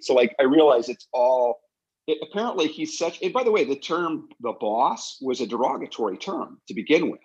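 A man's voice: medium pitch, normal speed, husky, muffled recording. A man hosting a podcast, telling long digressive stories in casual chat. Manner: animated storyteller, digressive. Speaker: podcast host.

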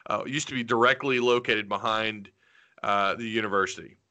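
Male podcast host, Arkansas accent, very bright forceful voice, animated. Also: fairly low pitch, moderate pace. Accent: Arkansas, mild. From Northwest Arkansas. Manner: animated, emphatic, joking. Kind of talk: casual sports podcast chat.

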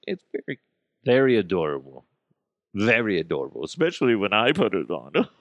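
A man's voice: fairly low pitch, no room sound, studio quality. Profane sarcastic male podcast host. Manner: profane, sarcastic, sudden yelled outbursts. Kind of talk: casual comedic rant.

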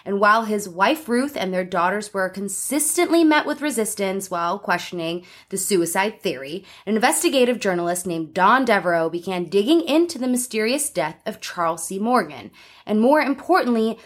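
A woman's voice: mid-range voice, expressive, moderate pace. A woman hosting a casual true-crime podcast, telling a story and laughing often. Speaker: podcast host.

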